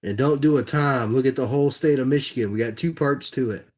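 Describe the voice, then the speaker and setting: A man's voice: medium pitch, fairly quick. A young man with a Tennessee Southern accent, chatting casually and profanely with his livestream viewers while he works. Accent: Southern American, Tennessee. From Southern United States. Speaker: streamer making dice.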